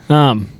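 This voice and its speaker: A man hosting a casual podcast interview, easygoing, laughing often and asking quick follow-up questions. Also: fairly high pitch, a little mellow, breathy edge. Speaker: podcast host.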